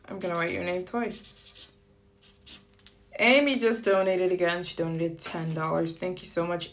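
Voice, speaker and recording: A woman hosting a casual live stream, chatting lightly and animatedly, jumping up in pitch for sample phrases. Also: a bit bright. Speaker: livestream host.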